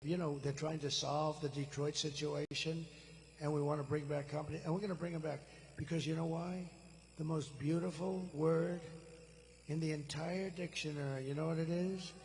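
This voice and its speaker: A man's voice: on the high side, fairly even intonation, normal speed, a little mellow, long reverb tail, slight background noise, poor audio. A man in his seventies giving an off-the-cuff, rambling, boastful campaign rally speech into a stage microphone. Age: 70s. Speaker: political candidate. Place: large rally venue.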